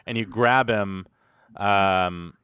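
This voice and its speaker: A man's voice: on the low side, extremely slow, fairly bright tone, smooth, dry recording. Man narrating a tabletop game, dry close sound. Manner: loose, conversational narration with fillers. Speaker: game master.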